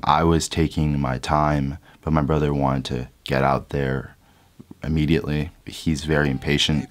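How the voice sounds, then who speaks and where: A young man casually and candidly recounting a personal story as a vlogger, his voice trailing softer at the ends of sentences. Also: rumbling low. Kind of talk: reflective storytelling.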